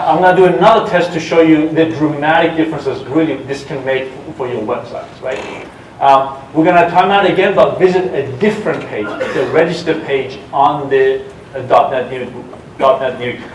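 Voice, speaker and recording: A man with a slightly high voice speaks to a conference audience, stumbling and restarting as he explains and asks for a show of hands. The sound is roomy and distant, as if taken from across a large hall, with faint noise underneath. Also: normal speed. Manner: engaging, asks audience for shows of hands, many fillers and restarts. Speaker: conference presenter. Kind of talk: technical conference talk with live demo.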